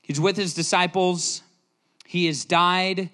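A man's voice: sits high, fairly even intonation, slow, sharp tone. A young man preaching as a youth pastor, telling a personal story earnestly and emotionally, with many restarts. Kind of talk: sermon.

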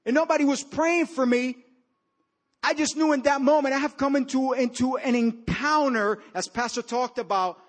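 A man preaching a sermon, telling personal stories and swinging between loud emphatic lines and low, quiet passages. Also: normal speed. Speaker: pastor.

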